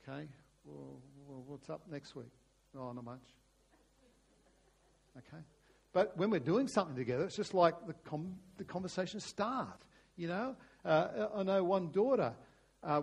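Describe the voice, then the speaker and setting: A middle-aged man preaches in a casual, conversational way, often restarting his phrases. His voice sits a little higher than most men's, and at times it sinks to a hushed, prayerful tone. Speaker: pastor. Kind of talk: sermon.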